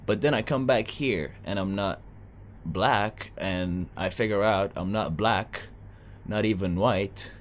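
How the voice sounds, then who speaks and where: A man's voice: fairly low pitch, slow pace, a little hiss or hum. Sudanese man doing stand-up. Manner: loose, conversational storytelling with playful asides. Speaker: stand-up comedian. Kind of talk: stand-up comedy set.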